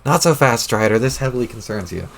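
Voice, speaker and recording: A man voicing a loud, short-tempered young male troll who rants crudely, read aloud from a webcomic on stream. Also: mid-range voice, lively intonation, fast talker, vocal fry, slight background noise. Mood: ranting. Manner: shouty, indignant, crude rants.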